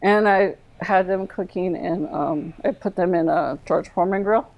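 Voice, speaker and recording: A woman who served as an Air Force medic is a guest in an interview, candidly telling a personal story in a run-on way, full of "like" and re-enacted quoted dialogue. Her voice is on the low side at normal speed, and the audio sounds dull.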